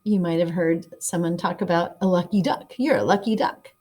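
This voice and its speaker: A woman teacher giving a read-aloud lesson to children, explaining sayings slowly and plainly. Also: fairly low pitch, fairly even intonation, darkish tone, breathy edge. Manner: friendly, explaining slowly to kids. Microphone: document camera setup, teacher at desk.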